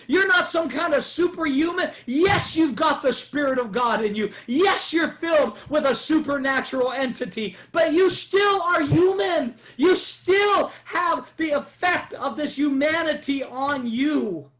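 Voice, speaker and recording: A man with a high voice preaches an impassioned sermon. He acts out heartfelt prayers in the first person and often rises to a shout. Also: measured pace, few pauses. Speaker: pastor.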